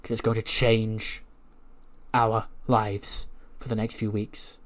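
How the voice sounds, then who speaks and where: A man's voice: on the low side, little pitch movement, slow. A man voicing a brash, self-obsessed female wrestler who plays detective and bosses her partner around. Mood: bossy. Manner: bossy, keeps calling her partner a nickname.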